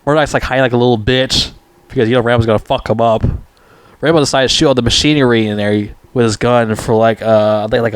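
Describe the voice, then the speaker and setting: A man reviewing a movie in a casual, rambling recap, swearing freely and stumbling over fillers and restarts. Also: fairly low pitch. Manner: profane, full of fillers and restarts.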